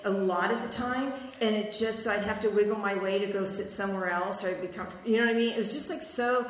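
A woman's voice: medium pitch, fast, a little hiss or hum. Woman, middle-aged, recovery testimony, chatty, rambling, self-mocking laughs, echoey hall, long reverb. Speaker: recovery meeting speaker. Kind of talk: personal testimony talk.

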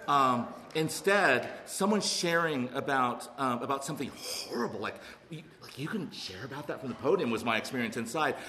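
In a pushed, bright, medium-pitched voice, a middle-aged Alabaman earnestly shares his recovery story with an audience. He often starts over and acts out voices, and a reverberant hall adds long echo and faint noise.

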